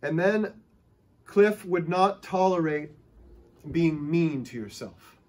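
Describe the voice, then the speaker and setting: A man's voice: a little high, lively intonation, slow pace, darkish tone. A male pastor preaching a sermon, telling stories with emphatic, rising and falling delivery.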